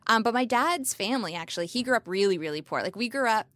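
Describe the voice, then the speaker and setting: A woman from Canada chatting casually on a podcast, jokey, with quick asides. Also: on the high side, animated, fairly bright tone, dry recording. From Cambridge, Ontario, Canada. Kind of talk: casual chat.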